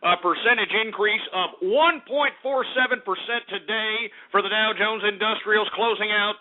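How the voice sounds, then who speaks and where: Brash, excitable male radio host. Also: high-pitched, moderate pace. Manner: brash, boastful and excitable, cursing freely. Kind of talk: talk radio market report. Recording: tinny, phone-like radio sound.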